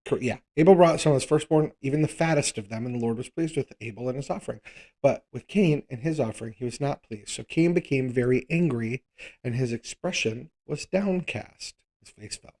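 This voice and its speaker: A man's voice: mid-range voice, darkish tone. A man teaching a live Bible study, conversational and thinking aloud, often checking in with rhetorical questions.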